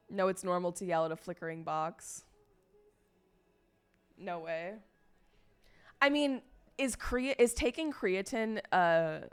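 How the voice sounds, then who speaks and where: A woman's voice: lowish voice, clear, resonant tone. Chatty young woman streaming casually. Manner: rambling, swears freely, talks to chat and her pets.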